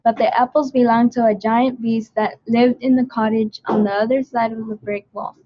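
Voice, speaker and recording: A woman's voice: a little high, steady tone, normal speed. Woman carefully reading a children's story. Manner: careful reading with small slips and restarts. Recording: dull lo-fi recording.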